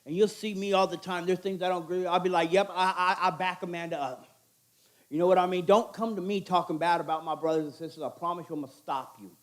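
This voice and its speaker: A very high-pitched middle-aged man delivers an informal sermon. His talk is earnest and conversational, and he circles back over his points again and again. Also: steady tone, quick pace. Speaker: chapel speaker.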